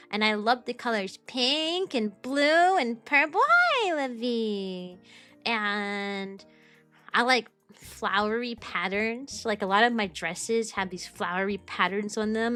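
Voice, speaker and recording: A woman's voice: a little high, sharp tone. A young woman from the United States, a streamer who teaches kindergarten, chatting casually with viewers and rambling with restarts and fillers. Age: young adult. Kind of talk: casual chat answering viewers.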